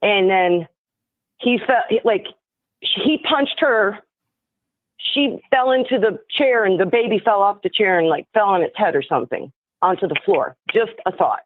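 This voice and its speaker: A woman's voice: medium pitch, normal speed, no room sound. A woman calling into a live show, chatting casually and rambling through theories with lots of fillers and restarts. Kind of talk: casual speculative chat. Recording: tinny phone line.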